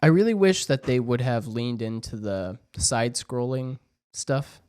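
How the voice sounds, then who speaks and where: A young man co-hosting a casual podcast, joking and laughing freely as he talks. His voice sits at an ordinary middle pitch. The sound is dry and close, with no room around it. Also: expressive, unhurried, a little mellow, clear, resonant tone, no echo. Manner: playful, hums tunes and mimics voices, laughs often. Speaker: podcast co-host. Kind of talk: casual chat.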